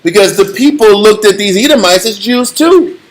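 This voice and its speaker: Animated high-voiced man teaching scripture. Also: normal speed, low-quality recording. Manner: animated storytelling, slangy, laughs often. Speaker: bible study teacher.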